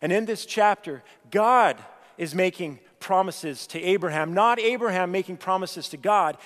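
A man's voice: high voice, a bit bright, big-room sound. A man preaching a sermon, building emphasis through repeated phrases and dramatic quotations. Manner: slow, emphatic preaching with dramatic quotes and repetition. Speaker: pastor.

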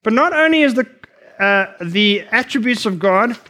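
A man preaching a sermon to future missionaries, earnest and emphatic, sometimes rushing his words. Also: high-pitched, expressive, sharp tone. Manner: earnest, emphatic, rushes at times.

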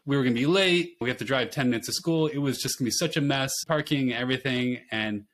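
A man, a nurse and father, guesting on a podcast and telling parenting stories in an animated, laughing way. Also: medium pitch, fast. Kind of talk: casual conversational interview.

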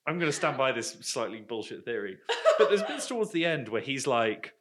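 A man's voice: mid-range voice, big pitch swings, brisk, a bit bright. A man in a casual film discussion who floats his theories with self-mocking laughter.

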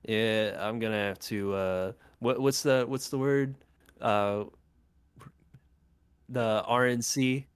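A man's voice: fairly low pitch, slow, pauses often, clean tone, no room sound. A young man in casual chat, laid-back and teasing, who drops the final g on his words.

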